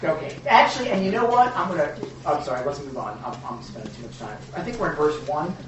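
A man co-hosting a casual Bible teaching, animated and joking, with emphatic rhetorical questions. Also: a little high, quick pace, highs cut off, background noise. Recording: echoey room from a distance.

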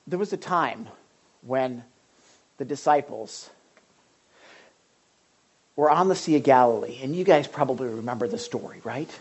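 Husky-voiced woman preaching conversationally. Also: very deep voice, unhurried, pauses often, a little mellow. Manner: asks the audience questions, frequent restarts. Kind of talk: conversational sermon.

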